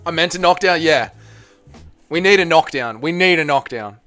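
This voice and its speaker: A young man hosting a live watch party, reacting loudly to a fight, swearing and shouting at the screen. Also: on the high side, normal speed, no echo, faint music behind. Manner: excitable, swears a lot, yells at the screen.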